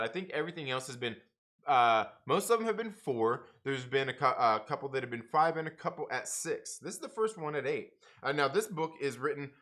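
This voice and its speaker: A man's voice: mid-range voice, pushed and bright. A man hosting a comics livestream, chatting casually with viewers, laughing often and calling people man and bro. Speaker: comics review livestream host.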